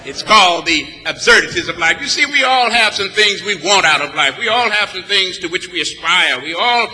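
Man, preacher from Texas, emphatic, rhythmic sermon, long church reverb, very bright tone. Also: high-pitched, expressive, normal speed. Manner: rhythmic, emphatic, with repeated phrases. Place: church sanctuary. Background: congregation answering back.

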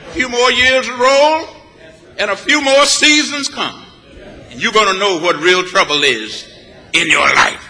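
A preacher from Texas builds his sermon with rhythmic, emphatic repetition. His voice is high and very bright, and the long reverb of a large church follows his words. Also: unhurried. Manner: rhythmic, emphatic, with repeated phrases. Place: church sanctuary. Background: congregation answering back.

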